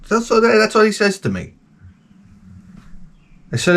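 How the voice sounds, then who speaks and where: A man's voice: sits high, measured pace, pauses often. A man giving a profane, rambling comic rant to camera. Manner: profane, animated, jumps between tangents. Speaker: vlogger.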